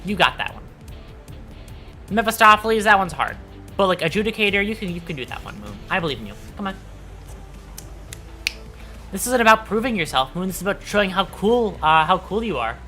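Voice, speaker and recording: Bright, teasing young-sounding male streamer. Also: sits high, sing-song, brisk, long pauses, faint music behind. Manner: playful, teasing, swears casually. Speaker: VTuber streamer. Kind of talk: casual live-stream chat.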